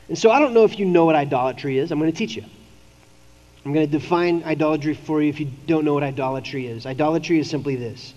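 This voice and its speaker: A man preaches to his congregation in an easygoing, conversational tone, animating the characters he quotes with playful voices. His voice sits high and mellow. The audio is dull and lo-fi, with a long reverb trailing off the walls of a large church hall. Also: a little fast. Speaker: pastor. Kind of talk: sermon.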